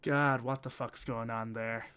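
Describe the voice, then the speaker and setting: A man's voice: medium pitch, fairly even intonation, measured pace, pushed and bright, clean tone. Man swearing through a game stream. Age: 20s. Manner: chatty, swears freely, thinks aloud while playing. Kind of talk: casual gameplay commentary.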